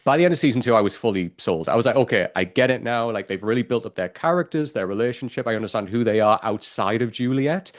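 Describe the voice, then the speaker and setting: A man hosting a podcast in casual chat, chatty and animated, with "like" in many sentences. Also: medium pitch, quick pace, hardly any pauses. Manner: chatty, animated, says "like" often. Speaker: podcast host.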